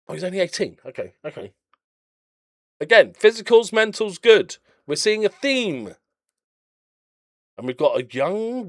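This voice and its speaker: Commentating on his own game footage, a man with a fairly high voice keeps things chatty and jokey while drifting into short, blunt rants. He runs a game channel, and the audio is clean studio quality without any echo.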